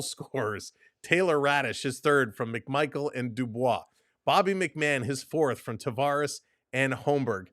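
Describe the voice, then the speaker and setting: A man hosting a live hockey watch-along, giving energetic play-by-play and a recap and laughing often. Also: mid-range voice, dry recording, studio quality.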